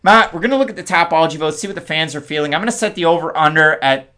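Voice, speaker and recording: A man's voice: on the high side, pushed and bright. A man hosting a casual MMA preview, rattling off records, odds and scorecards. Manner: stat-heavy, brisk. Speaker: MMA podcast host. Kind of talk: casual fight-preview chat.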